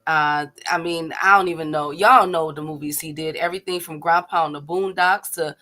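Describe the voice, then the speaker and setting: A woman hosts a casual online boxing show. Her voice is bright and forward, and she talks in an easy, chatty way, laughing often and calling out viewers by name between news items. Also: deep voice, steady tone, fairly quick. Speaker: host. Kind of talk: casual live-stream chat.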